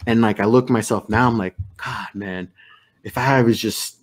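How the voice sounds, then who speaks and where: A young man hosting a podcast, his voice sitting a little low. He talks in an easygoing, reflective way, with plenty of fillers. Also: steady tone, moderate pace. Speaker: podcast host. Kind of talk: casual podcast conversation.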